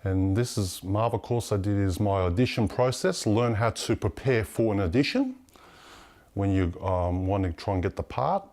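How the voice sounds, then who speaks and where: A man, an actor, talking haltingly through his headshot and acting course certificates. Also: on the low side, lively intonation, darkish tone. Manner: halting, plain presenting. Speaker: actor showing his credentials. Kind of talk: casual narration.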